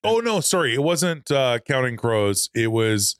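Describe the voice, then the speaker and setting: A man's voice: medium pitch, very animated, unhurried, no echo. Chatty man, dry close sound. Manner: chatty, laughs easily, trails off mid-thought. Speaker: podcast co-host. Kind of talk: casual movie chat.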